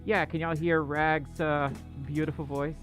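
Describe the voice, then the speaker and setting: A male livestream host chatting casually with viewers, excitable and self-deprecating. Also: a little high, a little slow, soft background music.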